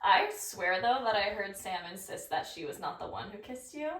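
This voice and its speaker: A young woman co-hosting a podcast, talking in an expressive, casual way and joining in the storytelling. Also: mid-range voice. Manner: lively, expressive, quick to laugh along. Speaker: podcast co-host. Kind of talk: casual chat. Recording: roomy, distant mic, faint noise.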